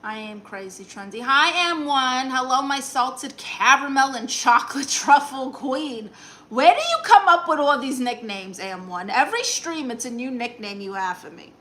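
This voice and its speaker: Sassy high-voiced woman reading chat. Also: animated, normal speed, bright, forceful tone, rough recording. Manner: sassy, dry comebacks to chat. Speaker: livestream host in a comic aunt persona. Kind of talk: comic livestream chat reading.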